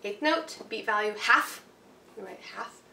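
A woman piano teacher talking through a worksheet in a casual, chatty way, full of fillers and quick checks with her listeners. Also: medium pitch, expressive, creaky, pushed and bright, slight background noise. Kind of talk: casual instructional walkthrough. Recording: roomy, distant mic with faint ambience.

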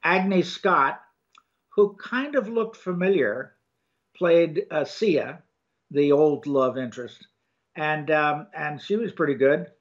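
An older man shares his opinions on a film, casual and halting, full of ums and restarts. His voice sits a little high. The recording sounds dull and lo-fi. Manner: rambling, hesitant with many ums and restarts. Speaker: co-host film reviewer. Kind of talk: casual review chat.

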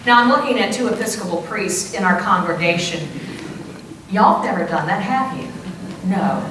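A woman priest preaching a sermon, slow and deliberate with playful conversational asides. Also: mid-range voice, animated, background noise. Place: church sanctuary. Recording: echoey church heard from a distance.

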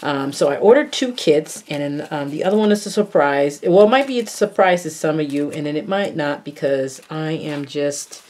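A woman narrating a casual unboxing, gushing and exclaiming over each item and often dropping into soft murmurs. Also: sits low, lively intonation, normal speed, few pauses. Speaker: craft vlogger unboxing a haul.

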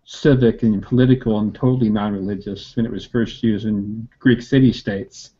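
A man chimes in during a casual book discussion over a video call, careful and explanatory in how he puts things. His voice is dark and mellow, and the audio is dull and lo-fi. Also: lowish voice, steady tone, normal speed, slightly rough. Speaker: participant.

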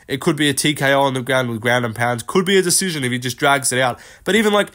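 A fast-talking young man with a mid-range, fairly bright voice runs an unscripted fight-prediction vlog. He meanders through his picks, dropping fillers and swearing casually.

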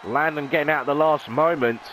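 A man's voice: fairly high pitch, moderate pace, a bit bright, some chatter behind, a little hiss or hum, rough recording. A man, a gaming channel host, calling a video game wrestling match play-by-play in a dramatic announcer style with rhetorical questions.

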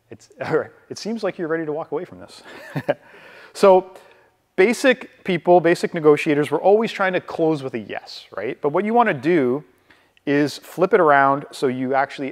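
A man's voice: a little high, moderate pace. Man teaching in an echoey hall. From Canada. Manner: lively, acts out dialogue, keeps checking with "right?". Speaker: real estate trainer. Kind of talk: casual training talk to a room. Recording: reverberant hall from a distance.

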